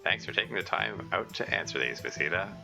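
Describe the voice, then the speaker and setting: A man reading a deadpan young interviewer. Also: low voice, fairly quick, creaky, music in the background.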